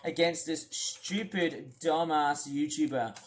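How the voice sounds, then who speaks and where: Male YouTuber, high-pitched, ranting furiously, shouts and scolds in repetitive bursts. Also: takes it slowly, a little hiss or hum. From United Kingdom. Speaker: YouTuber ranting about a streamer. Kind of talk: angry reaction rant.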